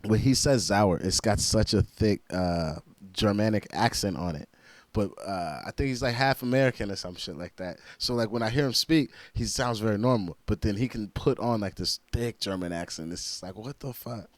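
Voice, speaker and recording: A man's voice: lowish voice, moderate pace, dry recording. A man casually chatting through a reaction video, laid-back and slangy, full of "like.". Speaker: reaction video host and rapper.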